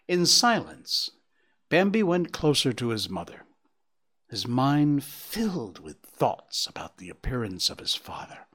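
A man narrating a storybook in a hushed, expressive reading that dips into near whispers. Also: medium pitch, a little slow, husky.

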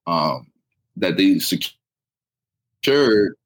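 A young poet from New York speaks as a guest in a relaxed interview. His voice sits very low. His speech is reflective and slangy. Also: very slow. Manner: laid-back, reflective, slangy. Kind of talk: casual interview chat.

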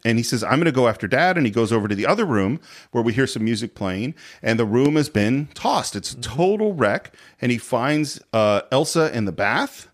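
A man's voice: medium pitch, sing-song, moderate pace. A man casually retelling a film scene by scene as a podcast host, laughing often. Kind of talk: casual movie recap chat.

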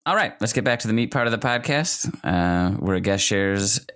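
A man hosting a comedy podcast, playful and quick to laugh. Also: fairly low pitch, expressive. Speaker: podcast host. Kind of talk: casual improv podcast.

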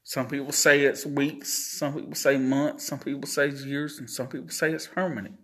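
A man hosting a solo podcast, talking slowly and earnestly, his words slurred by a facial palsy. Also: mid-range voice, steady tone, a bit bright. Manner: slow, deliberate, earnest. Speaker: podcast host.

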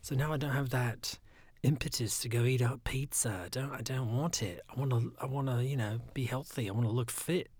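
A man with a raspy, phlegmy throat, talking in a soft, often half-whispered, rambling casual monologue. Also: mid-range voice, a little fast.

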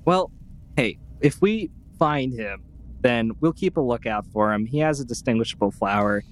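Playful lively male player. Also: medium pitch, moderate pace. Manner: joking, playful. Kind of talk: casual tabletop chat.

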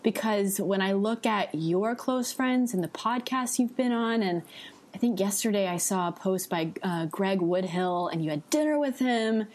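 A woman's voice: mid-range voice, lively intonation, normal speed, a little mellow. Gushing woman podcast host. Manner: gushing, enthusiastic. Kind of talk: casual conversational interview.

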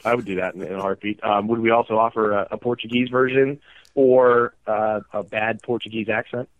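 A man's voice: lowish voice, fairly even intonation, brisk, no echo. Man on a tinny phone-like line. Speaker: podcast guest. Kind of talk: casual chat.

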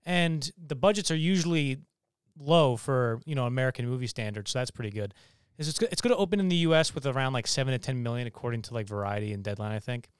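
A young man co-hosting a casual movie review chat, animated and quick with asides. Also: mid-range voice, clear, resonant tone, no room sound, clean studio sound. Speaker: podcast co-host.

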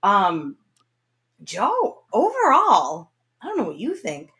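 A woman hosting a podcast in a chatty, animated way, laughing often. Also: medium pitch, takes it slowly, over a noisy crowd. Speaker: podcast host. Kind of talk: casual chat.

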